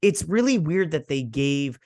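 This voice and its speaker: A man's voice: on the high side, very animated, measured pace, a little mellow, dry recording, studio quality. Casual rambling man recapping a show. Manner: rambling, retells scenes with quoted lines; frequent fillers and restarts. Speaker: host of a TV review channel.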